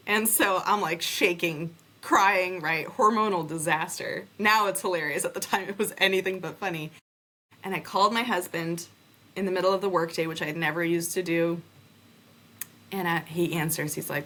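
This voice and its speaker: A young adult woman tells a personal story on her podcast with a bright, slightly low voice. She is animated and acts out the conversations she quotes as she goes. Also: moderate pace. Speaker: podcast host.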